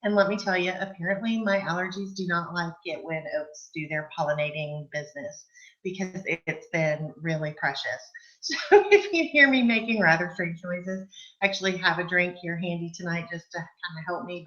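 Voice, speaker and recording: Hosting a live online book club chat, a woman from Texas talks in a gushing, filler-heavy, chatty way and clears her throat because of allergies. Her voice is lowish and fairly bright, and the recording has its highs cut off.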